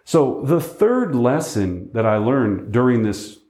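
A man's voice: mid-range voice, very animated, slow pace, mellow. A man working as a real estate agent tells a story to teach a lesson, chatting casually and often checking in with "right?". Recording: roomy echo.

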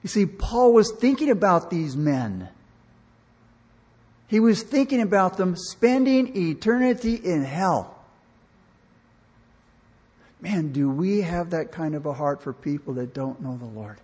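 A man's voice: high voice, big pitch swings, measured pace, pauses often, darkish tone, husky. A man preaching an earnest, emotional sermon, often restarting his words and acting out the voices in his stories, recorded in a church hall. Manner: acts out dialogue in the story he tells. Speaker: pastor. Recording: long reverb of a large hall.

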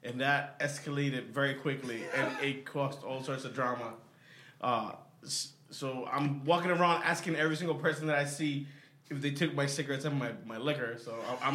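A man tells a rambling personal anecdote on a podcast, laughing and restarting as he goes. His middle-pitched voice sits in a roomy, echoing space. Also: fairly even intonation, fairly quick, a bit bright, slight background noise. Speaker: podcast co-host. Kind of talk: casual anecdote. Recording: roomy echo.

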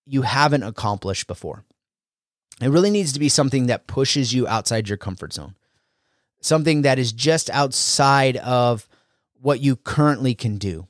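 A man's voice: mid-range voice, no room sound. Male podcast host, earnest motivational talker, mid-range voice, dry recording. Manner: earnest, with frequent fillers and restarts. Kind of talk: motivational solo talk.

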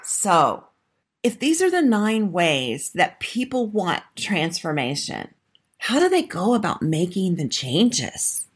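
Animated, low-pitched woman coaching couples. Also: takes it slowly, husky. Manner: emphatic, direct, addresses listeners as "you". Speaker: marriage coach and podcast host. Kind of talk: solo podcast talk with a sign-up pitch.

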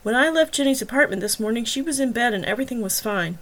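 A woman's voice: fairly high pitch, lively intonation, fast, a bit bright, low-quality recording. A woman reading as a flustered young suspect. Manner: flustered, insistent, pleading innocence. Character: confused, earnest young man under suspicion.

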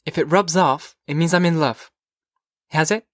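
A man voicing a curious, whimsical teenage girl in an audiobook, with lilting, eager questions that come in quick bursts. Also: on the high side, a bit bright, dry recording, studio quality, pitched above the performer's own voice, lightly acted. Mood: wondering. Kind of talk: audiobook character voice.

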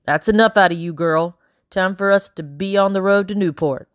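A woman's voice: mid-range voice, moderate pace, no echo, clean studio sound, lightly acted. A woman reading an audiobook, voicing a curt, commanding man full of contempt. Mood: scornful. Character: harsh, scornful man who owns the girls.

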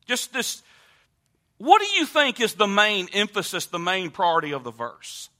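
A male pastor preaching a sermon, emphatic, repeating phrases and swinging between loud and quiet. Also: sits high, huge pitch swings, normal speed. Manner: emphatic preaching with repetitions and wide swings in loudness.

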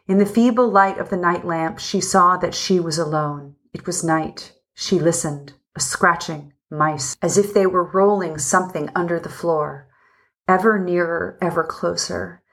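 A woman reading a story aloud in a slow, gentle narrating style, speaking both the narration and the characters' lines without distinct voices. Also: fairly low pitch. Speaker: audiobook reader. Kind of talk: scripted narration.

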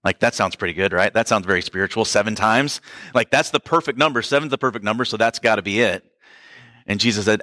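Male pastor, bright forceful voice, dry close sound, chatty sermon with asides to the room. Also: fairly low pitch, fast talker, dry recording. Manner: conversational preaching with asides to the congregation.

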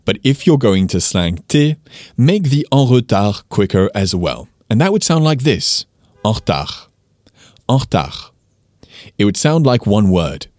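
A man hosting a podcast, teaching French pronunciation with clear, patient explanations and slowly spelled-out examples. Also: medium pitch, sing-song, darkish tone, dry recording, studio quality. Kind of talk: scripted language lesson.

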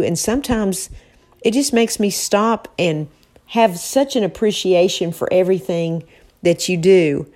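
A woman's voice: mid-range voice, darkish tone. Affectionate woman co-hosting a chat. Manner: affectionate, emotional, teasing. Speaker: podcast co-host. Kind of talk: casual heartfelt chat. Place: office.

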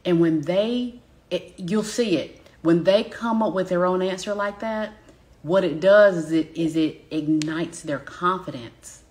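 Southern woman, business coach, low voice, emphatic live-teaching delivery. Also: measured pace, darkish tone. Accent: Southern American. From Southern United States. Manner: emphatic, addresses audience directly with repeated check-ins.

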